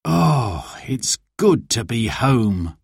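A man voicing a kindly, tired father who sighs gently, in a storybook reading. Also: mid-range voice, very animated, slow, dry recording, studio quality. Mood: gentle. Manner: gentle, sighing.

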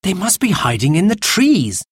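A man's voice: high-pitched, huge pitch swings, normal speed, a little mellow, breathy edge, no room sound, studio quality, voice pushed up, heavily acted. A man voicing a worried young boy in a storybook reading.

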